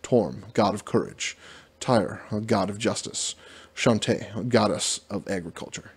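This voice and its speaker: A man's voice: fairly low pitch, unhurried, husky. A man reading a solo fantasy gamebook aloud as dungeon master, breaking off for casual, self-deprecating asides and stumbling over the fantasy names.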